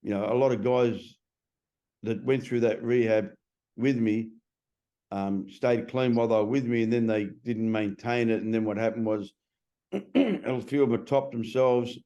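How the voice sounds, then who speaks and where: A man's voice: medium pitch, a little slow, warm tone, dull audio. A middle-aged man in a casual interview. He is a transformation coach who talks bluntly and swears freely.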